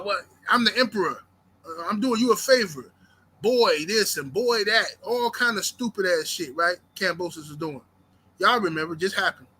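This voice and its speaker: Fired-up, high-voiced man ranting about boxing. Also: pushed and bright. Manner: profane, fired-up, fires rhetorical questions. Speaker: boxing commentator host. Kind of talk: heated live boxing commentary rant.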